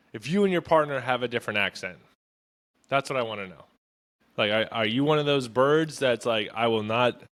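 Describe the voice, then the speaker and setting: Guy hosting a solo podcast, casual and rambly, lots of ums and asides, mid-pitched voice. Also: a bit bright. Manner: chatty, filler-heavy, loose asides. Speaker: podcast host.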